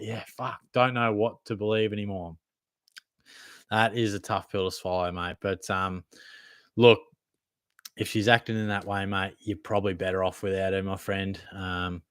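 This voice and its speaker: A young Australian man hosts a laid-back livestream Q&A, reading chat aloud and answering in an easygoing, blokey way. His voice sits on the low side and sounds dry and close, with no room around it. He calls everyone mate and swears without a second thought. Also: fairly bright tone, no room sound. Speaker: fantasy football livestream host.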